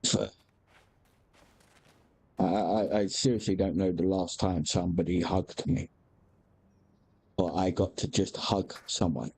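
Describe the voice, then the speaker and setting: A man's voice: sits low, fairly even intonation, a little slow, long pauses, a little mellow, slight background noise. A man, chatting candidly as a game streamer, rambling with frequent restarts and casual swearing. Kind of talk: casual chat while gaming.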